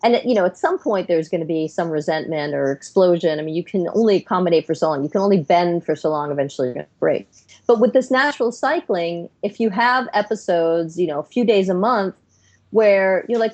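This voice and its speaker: A woman's voice: mid-range voice, expressive, normal speed, darkish tone, highs cut off. A middle-aged woman, a psychiatrist guest on a podcast interview, explaining her views earnestly in long, flowing runs.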